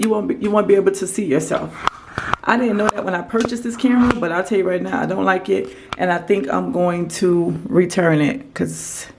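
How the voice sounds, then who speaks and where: Animated woman telling a story, echoey room. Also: gravelly, a little hiss or hum. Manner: animated storyteller, acts out quotes in a higher voice. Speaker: vlogger. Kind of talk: casual storytime vlog.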